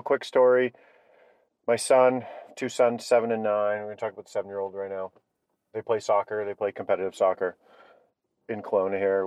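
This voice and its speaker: A man with a low, grounded voice hosts his own podcast while sitting in his truck. He tells stories with energy and drifts into rambling asides. The sound is dry and close, with no room around it. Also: a little mellow, no echo, dull audio. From Canada. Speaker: podcast host. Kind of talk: solo podcast talk.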